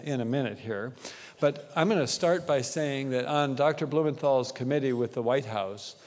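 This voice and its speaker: A man's voice: mid-range voice, darkish tone. A man giving a conversational conference talk, often tagging his points with a question to the audience. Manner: conversational, keeps asking "right?". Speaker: conference speaker. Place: conference hall. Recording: echoey conference hall.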